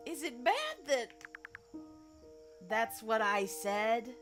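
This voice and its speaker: A woman's voice: on the high side, slow, pauses often, fairly bright tone, faint music behind. A woman with a Southern US accent giving playful, laughing commentary while playing through a visual novel. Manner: playful, laughing, teasing asides. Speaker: streamer. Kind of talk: casual let's-play commentary.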